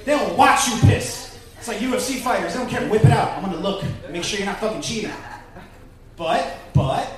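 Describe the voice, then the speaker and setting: A man doing a profane stand-up routine in a comedy club, working the crowd loudly. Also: very high voice, distant mic. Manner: profane, loud crowd work. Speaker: stand-up comic. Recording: echoey club, mic off-axis, crowd audible.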